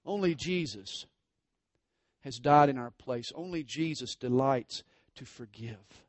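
A man preaching a sermon, expounding scripture and praying aloud, swinging between loud declarations and hushed asides. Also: medium pitch, expressive, takes it slowly, no room sound.

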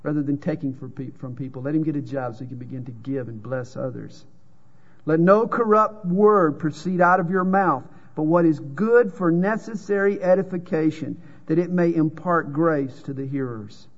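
A man's voice: a little high, normal speed, breathy edge. A man with a Southern US drawl preaching a sermon, telling folksy jokes and reading scripture. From American South. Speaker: pastor. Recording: dull lo-fi sound with long hall reverb.

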